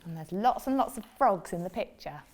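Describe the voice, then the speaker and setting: A woman teacher reading a picture book aloud to children, chatty and expressive. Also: mid-range voice, a little fast, slight background noise. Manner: animated and expressive storytelling.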